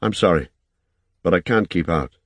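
A man reading an audiobook, voicing a worn-out young man who speaks slowly and haltingly. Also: low-pitched, husky, dry recording. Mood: weary. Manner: slow, halting, thinking aloud.

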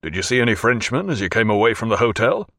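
A man's voice: fairly low pitch, big pitch swings, quick pace, fairly bright tone, no room sound, clean studio sound. A man reading the part of a formidable naval captain who speaks in blunt, commanding orders and curses freely.

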